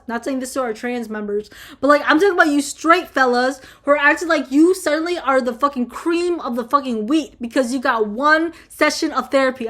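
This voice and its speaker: Young woman with a high voice going off on a rant, swearing nonstop, lots of likes and ums. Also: fairly bright tone. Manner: profane, heated ranting with constant fillers. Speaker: vlogger answering viewer questions. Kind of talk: casual ranting chat.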